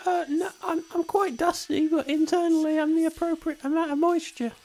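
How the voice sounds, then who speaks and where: Brief: a woman as a wry high-voiced child guest with deadpan delivery. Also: fairly quick. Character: dry, sardonic child sidekick on a radio show.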